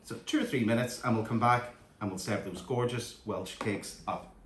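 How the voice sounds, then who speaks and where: A man's voice: medium pitch, steady tone, normal speed, noisy background. A man hosting a home cooking demonstration, talking chattily and admiring the food as he goes. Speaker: cooking show host. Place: home kitchen. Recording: echoey room with faint kitchen clatter.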